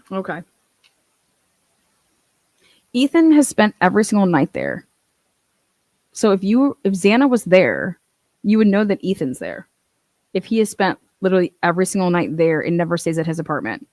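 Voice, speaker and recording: A woman's voice: fairly low pitch, very animated, moderate pace, a little mellow, no echo. Blunt, profane woman ranting in a dry room. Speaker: true-crime commentator. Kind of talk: casual commentary.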